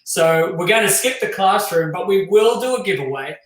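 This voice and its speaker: A man's voice: high voice, expressive, moderate pace, recorded from a distance. An Australian man hosting a casual talk show, chatty and loose with lots of fillers. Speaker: show host. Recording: echoey room.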